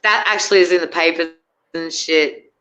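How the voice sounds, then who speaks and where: A woman's voice: lowish voice, steady tone, normal speed, bright, forceful tone, clean tone, rough recording. A middle-aged woman, a guest in a casual chat, rambling and hesitant with many fillers and restarts.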